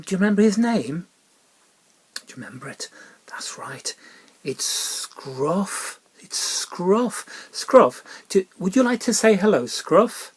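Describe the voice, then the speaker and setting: Using a puppet, a man gives a gentle Bible talk for children in a high, breathy voice. He sounds soft and coaxing like a parent, often slipping into whispered asides.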